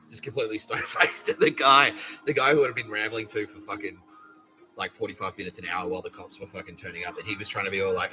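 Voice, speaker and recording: Australian male podcaster, lowish voice, cursing comic rambler over background music. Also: steady tone, fast, rough recording. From South Australia. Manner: profane, rambling, laughing asides. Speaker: podcast host.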